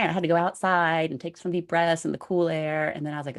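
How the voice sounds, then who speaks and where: A woman hosting a casual podcast conversation, animated and self-deprecating, laughing easily. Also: sits low, fast, hardly any pauses. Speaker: podcast host.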